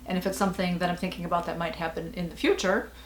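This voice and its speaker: A woman's voice: lowish voice, fairly even intonation, racing, roomy sound, slight background noise. A middle-aged woman vlogging in a casual, rambling way, with many fillers and small laughs. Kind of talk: casual personal vlog talk.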